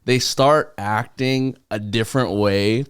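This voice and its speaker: A young man in his twenties hosting a podcast, playful and animated in casual chat. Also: medium pitch, slow pace, clear, resonant tone. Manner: animated, laughs often, playful. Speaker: podcast host.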